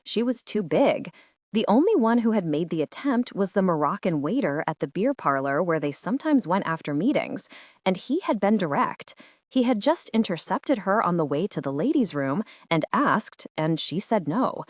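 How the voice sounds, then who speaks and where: A woman narrating a literary short story audiobook in a measured, expressive storytelling manner. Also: fairly low pitch, no room sound, clean studio sound.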